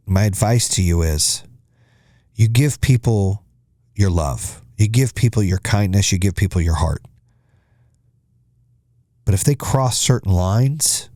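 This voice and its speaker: A man's voice: sits low, dark tone, dry recording, studio quality. A middle-aged man hosting a podcast, giving blunt, profane, punchy motivational advice in a monologue. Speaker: podcast host.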